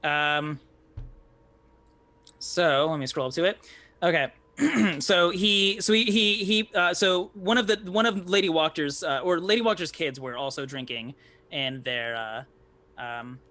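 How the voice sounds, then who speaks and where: Rambling man with bright voice. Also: a little high, unhurried. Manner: rambling, lots of restarts and "like". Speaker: tabletop game player. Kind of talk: casual chat about a game session.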